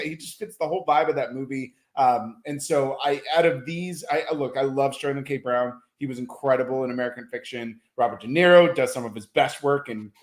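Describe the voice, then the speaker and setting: A man who is a film critic, giving his picks in a casual chat, thoughtful and full of ums and restarts. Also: mid-range voice. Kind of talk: casual awards-preview chat. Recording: roomy echo.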